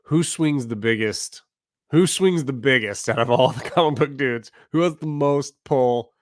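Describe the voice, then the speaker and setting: A male podcast host in the middle pitch range, firing off loose, slangy questions at his guest. The sound is dry and close to the mic. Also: a little slow, no echo. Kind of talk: casual podcast chat.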